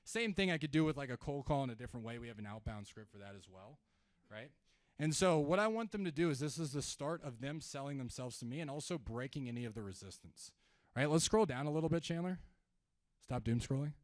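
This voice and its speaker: In an event room, a young sales trainer addresses a live crowd at a quick pace, his voice medium in pitch with no echo. He keeps things energetic and jokey, role-playing phone calls in contrasting tones during his seminar.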